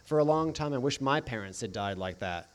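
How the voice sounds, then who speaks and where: A man doing a haunted young man full of bitterness and grief, speaking slow and heavy, in an audiobook read at a middling pitch. The voice stays plain and close to the reader's own. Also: expressive, natural voice. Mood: wounded.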